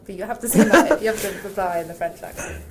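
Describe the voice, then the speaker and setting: A woman's voice: medium pitch, quick pace, noisy background. Playful woman interviewer. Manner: teasing, playful questions. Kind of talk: casual interview.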